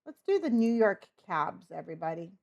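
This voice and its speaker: A woman with a fairly low, gravelly voice and big pitch swings talks briskly as she streams a game, chatting casually with playful running commentary. She thanks viewers by name, calling them honey and dear. The sound is lo-fi with no room sound.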